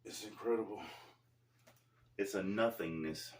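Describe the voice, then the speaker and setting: A man's voice: on the low side, unhurried, slight background noise. A man casually telling a personal story in loose, slangy talk, calling his viewers folks, recorded at a gym. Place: gym during a workout. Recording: roomy, distant mic.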